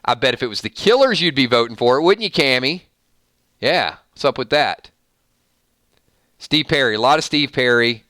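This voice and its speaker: Playful stream host, male, bright crisp voice, dry close mic. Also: mid-range voice, moderate pace, pauses often, dry recording. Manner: playful, animated, reading out votes. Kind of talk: live-stream music matchup chat.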